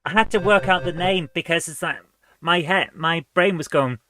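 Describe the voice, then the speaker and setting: Bright-voiced male retro gaming host. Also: high voice, moderate pace, soft background music. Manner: reads quiz questions aloud, chatty, laughs at own guesses. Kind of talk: casual let's-play commentary.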